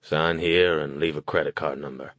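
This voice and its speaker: A gruff, suspicious old motel keeper, read by a man, speaking bluntly in folksy rural talk. The voice sits very deep and is recorded dry and close, like an audiobook character voice. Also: fairly even intonation, normal speed, a bit bright, dry recording.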